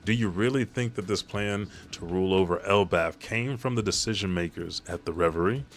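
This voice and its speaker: A man playing a solemn older giant chief with a low voice. He speaks gravely, warning of worse to come. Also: a little fast.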